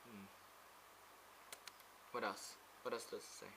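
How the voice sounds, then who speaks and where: Rambling, bright-voiced man vlogging. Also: lowish voice, little pitch movement, slow pace, slight background noise, rough recording. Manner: hesitant, many fillers and restarts. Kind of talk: rambling casual monologue. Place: pagoda.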